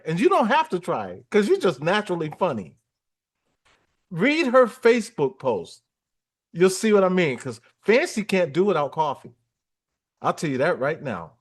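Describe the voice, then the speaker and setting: A man hosting a music livestream, talking in a chatty, upbeat, rambling way. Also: high-pitched. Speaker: livestream host. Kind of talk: casual livestream chat.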